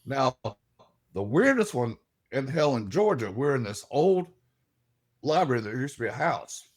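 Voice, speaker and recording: A middle-aged man, a guest telling animated stories and laughing as he acts out the voices in them. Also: mid-range voice, normal speed. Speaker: guest, paranormal investigator. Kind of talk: animated storytelling.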